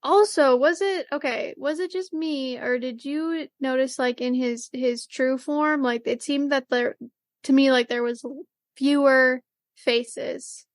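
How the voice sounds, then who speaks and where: A woman co-hosting a podcast, recapping an anime episode in casual chat, rambling with lots of fillers and quick acted-out quotes. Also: high voice, steady tone, dry recording, studio quality. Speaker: podcast co-host.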